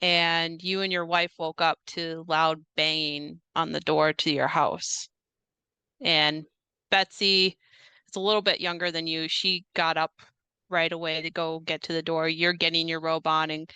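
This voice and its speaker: A young woman narrating a tabletop horror game as game master, measured and unhurried, with frequent hesitant fillers. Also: deep voice, flat delivery, bright, forceful tone, clear, resonant tone, dry recording.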